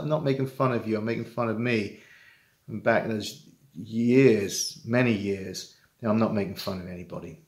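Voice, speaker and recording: Middle-aged man, earnest and halting, heartfelt monologue, echoey room. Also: mid-range voice, expressive, fairly bright tone. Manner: earnest, halting, with many restarts and repetitions. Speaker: father giving advice to estranged dads. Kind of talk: heartfelt personal monologue to camera.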